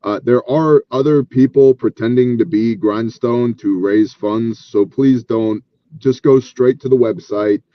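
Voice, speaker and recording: A man's voice: medium pitch, unhurried, no echo, muffled recording. Earnest man telling a faith story. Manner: earnest, animated storytelling with quoted dialogue. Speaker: relief ministry leader. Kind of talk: storytelling interview guest.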